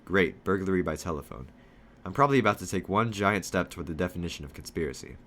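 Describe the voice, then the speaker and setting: A man reading a children's novel aloud in steady first-person storytelling, lightly voicing the dialogue. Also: low-pitched, fast.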